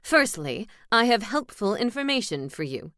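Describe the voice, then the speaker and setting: A woman's voice: medium pitch, big pitch swings, moderate pace, a bit bright, no room sound. A woman reading the part of an eager, helpful male ghost with old-fashioned phrasing, in a dry close recording.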